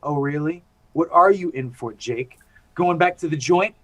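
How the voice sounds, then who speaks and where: An actor in a stage reading playing a ruthless ex-convict burglar with a sneering, tough manner. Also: male voice, on the high side, normal speed, natural voice. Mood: menacing. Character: menacing ruthless male ex-con burglar.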